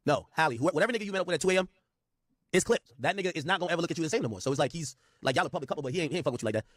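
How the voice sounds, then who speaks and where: A man hosts a casual stream, firing off blunt, slang-heavy commentary at a rapid clip. His voice sits a bit high and the sound is dry and close. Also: expressive, fairly bright tone, no room sound. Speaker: stream host. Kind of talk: casual commentary reading texts aloud.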